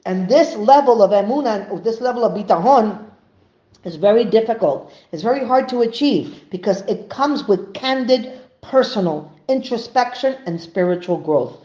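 A woman with a fairly high voice teaches an earnest religious lesson, pressing her points with emphasis. The sound is dull and muffled, with an echoey room around her. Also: lively intonation, normal speed, mellow. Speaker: Torah teacher.

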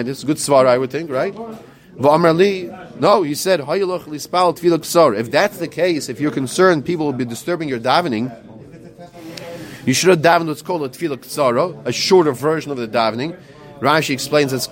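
Man, Talmud teacher with a slightly high voice; slow singsong reading of the text, quick plain explanation after. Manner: chants the Aramaic text slowly, then explains it in quick plain English. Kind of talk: Talmud lecture with chanted readings.

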